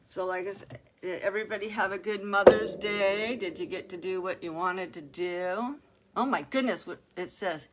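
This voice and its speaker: A woman's voice: medium pitch, moderate pace, a little hiss or hum. An older woman hosting a casual crafting livestream, chatting straight to her viewers, exclaiming and laughing often as she works.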